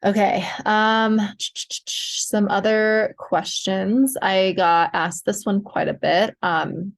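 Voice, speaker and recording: Young woman, host, casual chatty delivery with gravelly fry, frequent fillers. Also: medium pitch, fairly even intonation, takes it slowly. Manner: chatty, many fillers, giggly. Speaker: podcast host sharing pregnancy updates. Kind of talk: casual chat to viewers.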